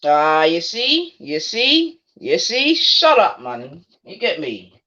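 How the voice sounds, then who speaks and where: A woman's voice: on the low side, huge pitch swings, takes it slowly, sharp tone. A woman hosting a livestream, taunting and confronting a skeptic in casual slang. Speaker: livestream host. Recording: dull lo-fi stream audio.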